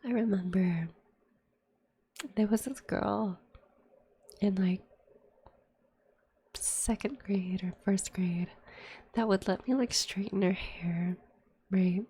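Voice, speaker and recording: A woman's voice: mid-range voice, slow pace, long pauses, warm tone, husky. A sick woman streamer in a whispered ASMR chat, rambling casually and swearing a lot between whispers.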